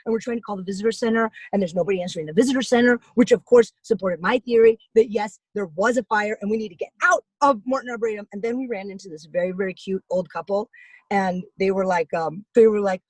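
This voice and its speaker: A woman's voice: mid-range voice, fairly even intonation, moderate pace, a little mellow, dry recording, low-quality recording. A young woman on a video call, giving a rambling, jokey comic monologue with big swings of voice. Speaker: comedian guest on video call.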